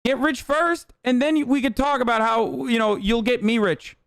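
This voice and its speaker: A man's voice: extremely high pitch, moderate pace, clean tone, no room sound, clean studio sound. A man in his thirties streaming casual, profane political commentary, ranting heatedly and sarcastically at a desk microphone. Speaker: streamer reacting to news.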